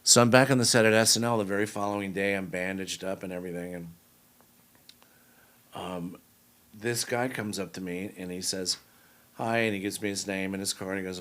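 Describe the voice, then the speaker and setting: Soft-spoken older man telling stories. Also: sits low, fairly even intonation, normal speed. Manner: soft-spoken storyteller, acts out quoted voices. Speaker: guest comedian and impressionist. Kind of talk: casual storytelling interview. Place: studio talk set.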